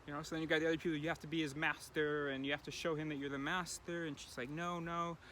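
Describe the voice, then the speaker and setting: Bright-voiced man musing aloud outdoors. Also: a little high, level tone, racing, a little hiss or hum. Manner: rambling, thinking aloud with many fillers. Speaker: vlogger. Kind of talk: casual daily video diary.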